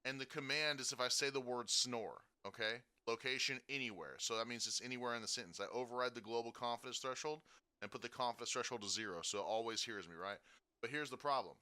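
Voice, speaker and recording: A man giving a casual software tutorial, talking through each step and checking in with frequent "okay?" and "right?". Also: medium pitch, fast talker, clean tone. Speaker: streaming tutorial host.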